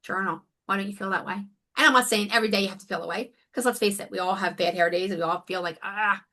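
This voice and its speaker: A woman's voice: mid-range voice, quick pace, sharp tone. A woman life coach speaking as a guest in a conversational interview, earnest and emphatic. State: near tears.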